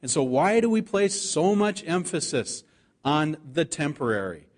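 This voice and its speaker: A man preaching a sermon, reading scripture aloud and slowing down to stress the key words. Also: a little high, big pitch swings. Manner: earnest preaching, slows to stress scripture quotes. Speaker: pastor.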